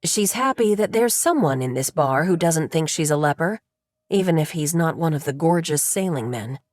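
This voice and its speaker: A woman narrating a novel as an audiobook, telling the story in a steady, even manner. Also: low-pitched, moderate pace, dry recording, clean studio sound. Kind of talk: scripted narration.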